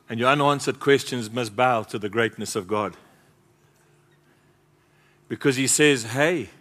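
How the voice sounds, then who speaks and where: A man preaching a sermon with passion, swinging between loud exclamations and soft, close asides. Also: medium pitch. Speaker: pastor. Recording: long reverb of a large hall.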